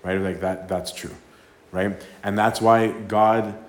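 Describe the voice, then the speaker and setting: A priest with a fairly low, level voice takes his time in an informal, conversational talk. He keeps tacking "right?" onto his points and acts out the quotes he cites, in an echoey room with faint ambience.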